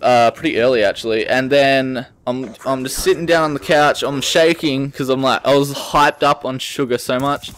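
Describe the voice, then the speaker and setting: A man's voice: mid-range voice, moderate pace, few pauses. A young Australian man in his late teens, telling a story in a casual rant over gameplay, swearing often and restarting his sentences. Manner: swearing, animated, rambling with restarts. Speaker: gaming channel host.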